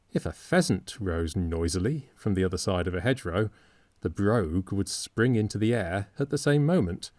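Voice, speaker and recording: A man narrating an audiobook in a measured, wry storytelling manner. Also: lowish voice, a little mellow, no echo, studio quality.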